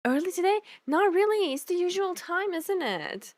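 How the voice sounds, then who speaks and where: A woman's voice: very high-pitched, animated, normal speed, dry recording. A young woman streamer greeting her chat in a bubbly, effusive way, laughing often and thanking viewers before a game stream.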